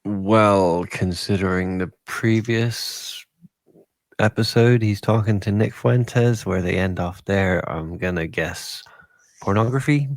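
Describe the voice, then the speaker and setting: A man's voice: lowish voice, takes it slowly, no room sound. A man co-hosting a podcast, giving short, laconic replies in casual chat. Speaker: podcast co-host.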